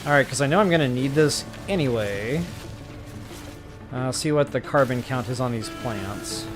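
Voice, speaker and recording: A man talking to his viewers in a relaxed, chatty way while he plays a game live. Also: medium pitch, moderate pace, over music. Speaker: game streamer. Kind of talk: live gameplay commentary.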